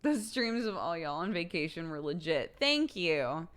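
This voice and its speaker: A woman's voice: fairly low pitch, very animated, a little slow. A young woman streamer chatting casually late at night with her viewers, laughing often and reading chat aloud.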